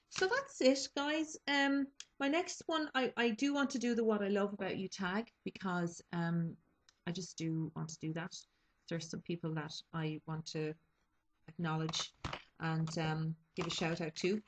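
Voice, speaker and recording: A woman's voice: lowish voice, poor audio. A young woman vlogger talking casually about her makeup picks, hesitant and full of ums and restarts. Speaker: beauty vlogger. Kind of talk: casual makeup chat to camera.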